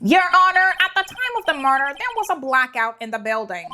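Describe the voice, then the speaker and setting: A smug male prosecutor, voiced by a woman, formal and self-assured. The voice sits high and moves a lot in pitch. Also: very animated, brisk, sharp tone, slight background noise, heavily acted.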